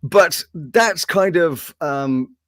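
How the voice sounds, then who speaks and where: A man's voice: on the high side, drawn-out words, dry recording, clean studio sound. A man, a voice-over artist, telling anecdotes in a casual interview and often laughing. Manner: animated, jumps into impressions, laughs often.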